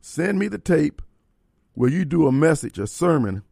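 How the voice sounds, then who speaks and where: Talk radio host, male, gravelly voice, blunt, emphatic, dry studio sound. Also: fairly high pitch, big pitch swings, moderate pace, warm tone, no room sound. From Mississippi.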